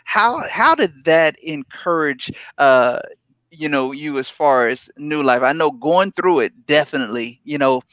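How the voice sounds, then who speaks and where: A man's voice: a little high, animated, a little slow, a bit bright, dry recording, muffled recording. Southern man hosting, rambling questions. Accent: Southern American. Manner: encouraging backchannels, rambling questions. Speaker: host. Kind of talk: casual interview.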